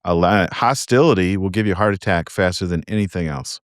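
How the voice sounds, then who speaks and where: A man hosting a podcast, a former therapist, talking in a calm, reflective way. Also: low-pitched, brisk, no room sound, studio quality. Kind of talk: casual podcast conversation.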